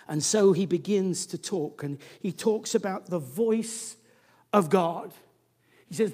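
A preacher delivering a sermon in a church, swinging from booming emphasis to a near-whisper, often restarting and repeating words. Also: animated, measured pace, darkish tone, long reverb tail.

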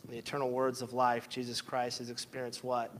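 A man's voice: medium pitch, monotone, brisk, a bit bright, slight background noise. A man preaching a sermon with impassioned delivery, building to emotional peaks and near tears. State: tearful. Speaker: pastor.

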